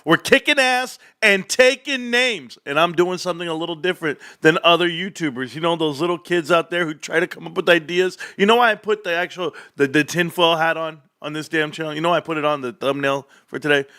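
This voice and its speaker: High, bright-voiced ranting stream host. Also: male voice, a little fast, few pauses, clean tone. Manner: animated, rambling, laughs often. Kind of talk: casual livestream rant.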